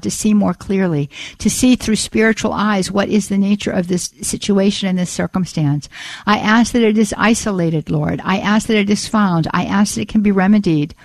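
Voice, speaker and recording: A woman's voice: medium pitch, darkish tone, dry recording. A woman hosting a call-in radio show, praying aloud in an earnest, repetitive way with frequent restarts. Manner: earnest, repeats "Father God", frequent restarts. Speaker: radio host. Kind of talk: spoken prayer and call-in radio chat.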